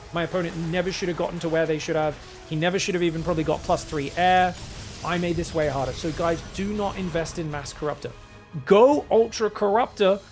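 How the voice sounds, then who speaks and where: A man coaching viewers through a game replay, emphatic and animated, sometimes mimicking a panicked inner voice. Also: on the high side. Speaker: StarCraft coach. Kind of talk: replay analysis and coaching talk.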